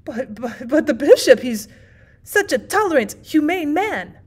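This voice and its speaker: A pompous gentleman, as a woman reader puts him on, stammers his way through indignant outbursts. His voice jumps high and grows loud when shocked, with slow, weighty words. It sounds like a storybook reading. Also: expressive, close to an everyday voice. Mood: alarmed. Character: flustered pompous middle-aged English gentleman host.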